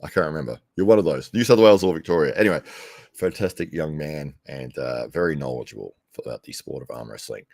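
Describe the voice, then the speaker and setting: An Australian man with a very deep, creaky, slightly mellow voice talks fast while hosting a live commentary stream. He rambles casually to viewers, laughing often and restarting or correcting himself. The desk microphone, used without headphones, gives an echo-free, studio-quality sound.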